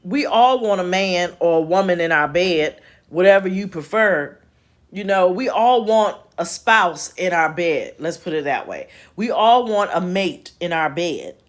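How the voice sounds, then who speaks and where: A woman's voice: lowish voice, animated, a little slow. A woman hosting a casual spiritual chat from home, folksy and chatty with laughing asides. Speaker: host. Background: home repair noise.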